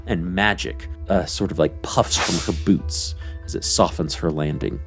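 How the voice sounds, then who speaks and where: A man with a very deep voice narrates a tabletop game as game master. He speaks slowly and describes scenes at length, pausing on fillers. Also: gravelly, fairly bright tone, soft background music.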